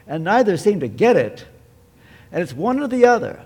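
A man delivers a sermon in a slightly higher-pitched voice, emphatic and measured. He poses rhetorical questions and answers them himself. His words ring out with a long hall reverb. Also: big pitch swings, a little mellow. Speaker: preacher.

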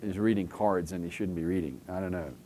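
Guy with a lowish voice giving a laid-back sermon, keeps saying okay, acts out little scenes, faint rumble behind. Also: steady tone, fairly quick, dark tone. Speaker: preacher. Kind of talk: conversational sermon.

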